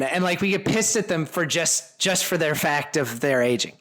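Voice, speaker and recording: Higher-voiced blunt man, candid chat. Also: normal speed, a bit bright. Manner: candid, blunt, swears freely, teasing. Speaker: podcast co-host. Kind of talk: casual unedited chat.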